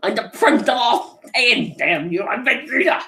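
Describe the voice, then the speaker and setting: A man voicing a proud, furious alien prince who bursts out in shouty, indignant lines. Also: very high voice, animated, unhurried, creaky, far from the mic, pitched above the performer's own voice, heavily acted. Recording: roomy echo.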